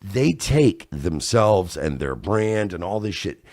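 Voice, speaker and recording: A man chatting casually as a podcast guest, animated and fond of acting out other people. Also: sits low, slow pace, no room sound, clean studio sound. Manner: animated, acts out others in loud voices. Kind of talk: casual chat.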